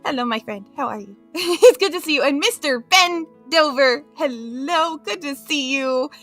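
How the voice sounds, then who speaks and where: A woman's voice: high voice, animated, normal speed, fairly bright tone, faint music behind. A woman hosting a casual crochet live stream, bubbly and giggly, greeting her chat one by one.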